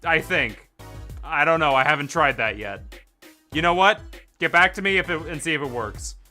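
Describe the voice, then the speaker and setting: A man's voice: on the high side, lively intonation, moderate pace, sharp tone, faint music behind. A young man streaming a game, joking and self-mocking in casual commentary. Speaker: gaming streamer.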